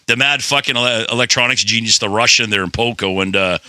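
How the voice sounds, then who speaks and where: A man's voice: mid-range voice, steady tone, brisk, sharp tone, clear, resonant tone, dry recording. A man hosting a podcast in rambling, playful, swearing casual chat. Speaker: podcast host.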